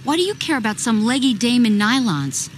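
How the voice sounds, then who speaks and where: A wry young stage magician. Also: female voice, fairly high pitch, sing-song, brisk, slight background noise.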